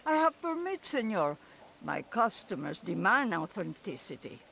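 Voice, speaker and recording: An actress playing a sly female insect merchant in a video game, with a put-on foreign lilt and a drawn-out sales pitch. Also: sing-song, vocal fry, a bit bright, breathy edge, full character voice. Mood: selling.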